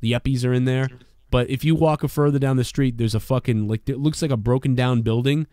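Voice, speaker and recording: A man spins a rambling, swear-laden story, animated and loose. The sound is dry and close, with no room around him. He talks like a podcast co-host among friends. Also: medium pitch, a little fast, clear, resonant tone, dry recording. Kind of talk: casual storytelling.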